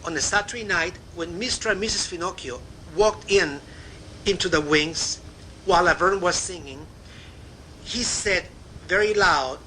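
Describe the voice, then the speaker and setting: Older cuban guy telling backstage stories, really bright voice, faint noise behind. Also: on the high side, normal speed, poor audio. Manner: warm, chatty anecdotal. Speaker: narrator. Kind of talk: memoir storytelling.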